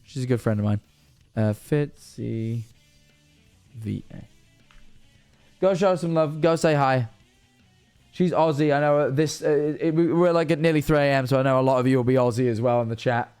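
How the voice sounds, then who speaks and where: A man's voice: medium pitch, normal speed, pauses often, darkish tone, smooth, faint music behind. A very tired young man hosting a livestream, chatting loosely through his sign-off, rambling and swearing now and then. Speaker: livestream host. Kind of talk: casual stream sign-off chat.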